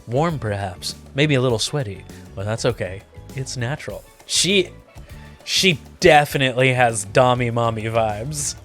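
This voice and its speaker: A man's voice: medium pitch, unhurried, fairly bright tone, soft background music. A man playing a dating sim as a gaming creator, reading the text aloud with playful, theatrical commentary. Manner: playful, theatrical, laughs often. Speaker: gaming YouTuber.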